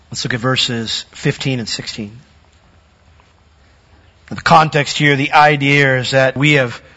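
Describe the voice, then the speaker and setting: A man preaching a sermon, earnest, growing louder and higher when he acts out a worshipper's doubts. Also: husky. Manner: earnest, rising in pitch and force when acting out a doubting worshipper's words. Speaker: pastor. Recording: dull sound with long hall reverb.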